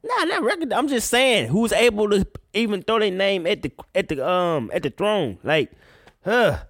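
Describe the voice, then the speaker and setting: A man giving a casual, profane solo rant about music gossip, breaking into sudden loud high outbursts. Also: big pitch swings, normal speed, no echo. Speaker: solo commentator.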